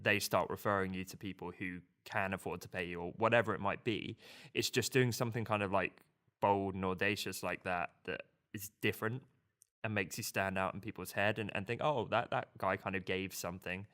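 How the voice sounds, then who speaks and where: Low-voiced man chatting on a podcast. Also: a little fast. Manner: relaxed, rambling, frequent restarts. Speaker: podcast co-host. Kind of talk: casual podcast chat.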